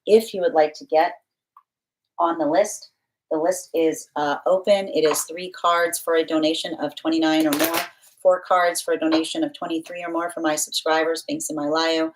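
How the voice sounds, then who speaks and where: A woman's voice: deep voice, little pitch movement, normal speed, slight background noise, low-quality recording. A woman hosting a live-stream tarot reading, chatty and affectionate, greeting viewers by name and rambling with fillers as she reads the cards. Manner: chatty, warm-hearted, reads comments aloud. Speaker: tarot reader.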